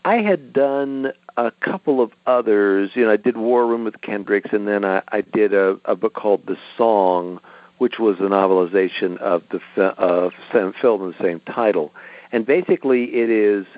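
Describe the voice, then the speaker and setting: Low-voiced man on a phone line. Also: moderate pace, no room sound. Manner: relaxed, explanatory storytelling. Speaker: author guest. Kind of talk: interview over a phone line. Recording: tinny dry phone line.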